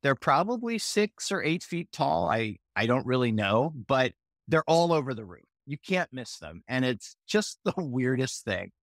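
A man's voice: medium pitch, big pitch swings, unhurried, a bit bright, no room sound. A man co-hosting a math podcast, doing scripted comedy banter, playful and easily exasperated. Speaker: podcast co-host.

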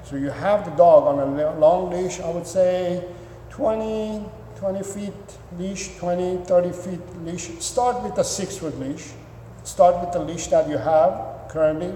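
A man's voice: high-pitched, measured pace, dark tone, a little hiss or hum. A man working as a dog trainer, answering viewer questions in an instructive, repetitive way with many fillers. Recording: echoey room with long reverb.

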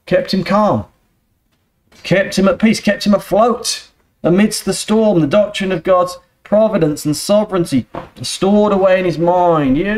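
A man preaching a sermon in a church, earnest and steady, often turning to the congregation with rhetorical questions. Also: on the high side. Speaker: pastor.

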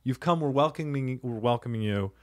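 A man hosting a casual comedy podcast, playful and quick to laugh as he riffs on jokes. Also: mid-range voice. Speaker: podcast host.

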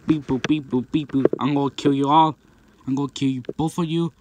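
A man's voice: medium pitch, fairly even intonation, fairly quick, background noise, natural voice. A man voicing a boastful robot monster who keeps saying beep boop and threatens to fight. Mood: threatening.

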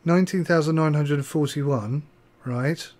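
Hosting a let's play of a bus driving game, this man talks in a fairly high, slightly mellow voice without hurrying. He keeps up a chatty stream of jokes, many of them at his own expense.

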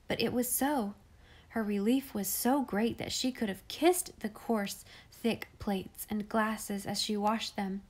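A woman reading a classic children's novel aloud in clear, measured storytelling. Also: mid-range voice, fairly even intonation, a little mellow. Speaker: audiobook reader.

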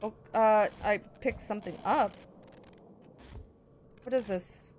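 A woman's voice: mid-range voice, slow pace, noisy background. A young woman playing a horror fan game and commenting as she goes, talking to herself and her viewers, often gasping and easily startled. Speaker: gaming YouTuber.

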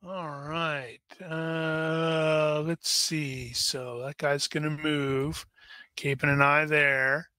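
A man's voice: a little high, level tone, very slow, sharp tone, clean tone, dry recording. A man running a tabletop game as game master, thinking aloud with wry asides.

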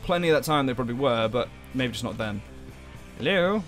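A man's voice: mid-range voice, lively intonation, brisk, faint music behind. A young man giving sweary, sarcastic commentary while playing a game as a let's play host. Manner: sweary, sarcastic, exasperated outbursts. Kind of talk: gameplay commentary.

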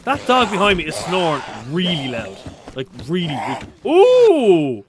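A man live-streaming a survival game, talking fast and loose, swearing, joking and reading chat messages aloud with high energy. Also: huge pitch swings, noisy background.

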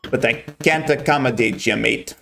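Guy putting on a gruff mock scottish dockside tough, brushes you off, faint music behind. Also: mid-range voice, normal speed, fairly bright tone. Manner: brusque, dismissive. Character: gruff male card-game opponent, dockside tough.

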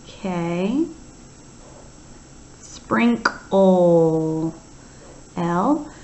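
A woman teaching young children to write, slowly sounding out letters and words one at a time in a patient, encouraging way. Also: medium pitch, darkish tone. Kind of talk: early-grade writing lesson. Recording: slightly dull, lo-fi sound.

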